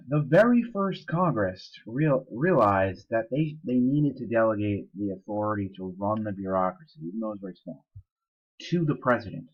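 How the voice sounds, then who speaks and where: Casual low-voiced male teacher. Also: big pitch swings, moderate pace, muffled recording. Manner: casual, explanatory, with fillers and asides. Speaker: social studies teacher. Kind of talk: recorded lecture.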